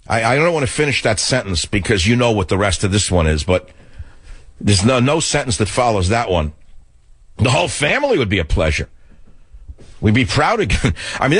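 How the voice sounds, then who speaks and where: A man's voice: mid-range voice, a bit bright, husky, dry recording. An older man from the Bronx, rambling and sarcastic in a talk radio monologue. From the Bronx, New York.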